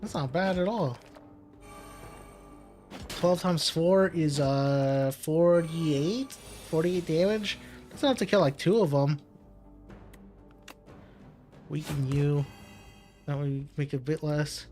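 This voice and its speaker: Soft background music accompanies a man whose darkish voice sits on the high side, slow and full of long pauses. As a gaming commentator, he casually comments on his own card game while playing, narrating each move to himself, muttering, and laughing at setbacks.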